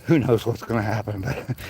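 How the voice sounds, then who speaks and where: A man's voice: lowish voice, dark tone, a little hiss or hum. Chatty older man on a trail. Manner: chatty, jokey, chuckles often, talks to passersby. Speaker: vlogger. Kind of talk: casual walking vlog. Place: outdoor woodland trail.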